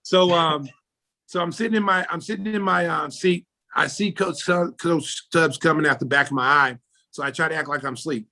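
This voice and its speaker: A middle-aged American man, a former basketball player turned announcer, telling stories in a casual interview and acting out the people in them. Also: moderate pace. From United States. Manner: animated storyteller, acts out quoted people with jumps in pitch and loudness.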